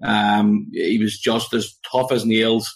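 A man's voice: lowish voice, level tone, takes it slowly, creaky. A man, co-hosting a casual sports podcast and telling anecdotes with frequent fillers. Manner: storytelling, chatty, with filler words. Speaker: podcast co-host. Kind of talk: casual chat.

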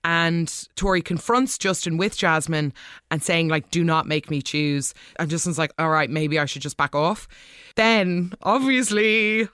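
Woman, recap host, chatty, gushing, acts out quotes, dry close sound, middle pitch. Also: fairly bright tone, dry recording. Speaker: soap opera recap host. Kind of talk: casual episode recap.

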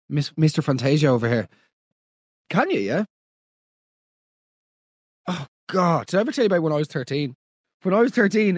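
An Irish man hosting a comedy podcast, talking in animated, incredulous and profane banter. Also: on the high side, no echo, studio quality. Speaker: podcast host. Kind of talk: casual comedic monologue.

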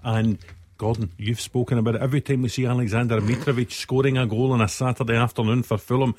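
A man giving measured, explanatory football analysis in a studio discussion. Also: medium pitch, flat delivery, a little mellow, no echo. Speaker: football pundit.

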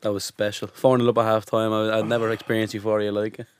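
A man co-hosting a casual football chat, mostly quiet reactions and short recollections. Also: lowish voice, monotone, fast talker, slight background noise.

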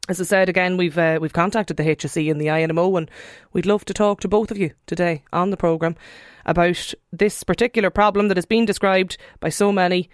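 A woman hosting a live radio talk show, reading listener emails aloud and gently prompting callers. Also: lowish voice, steady tone, brisk, dry recording, clean studio sound. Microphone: studio microphone.

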